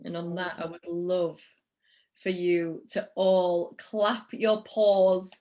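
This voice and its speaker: A woman's voice: fairly low pitch, level tone, slow, a little mellow. A woman hosting a live-streamed interview in an enthusiastic, encouraging, spiritual tone. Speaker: podcast host.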